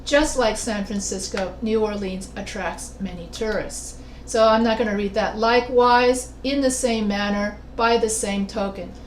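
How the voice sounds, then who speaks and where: A woman's voice: mid-range voice, steady tone, measured pace. Woman teaching a writing class online. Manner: explains step by step, quizzes students with questions. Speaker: writing instructor. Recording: roomy echo with faint noise.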